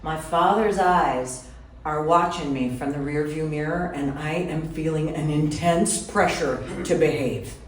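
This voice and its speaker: Woman doing a live storytelling set, chatty and lively, kinda far off in a roomy hall with faint noise. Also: low voice, unhurried. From Wisconsin. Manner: lively, chatty, talks to the audience. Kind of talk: live personal storytelling on stage. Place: venue with a live audience.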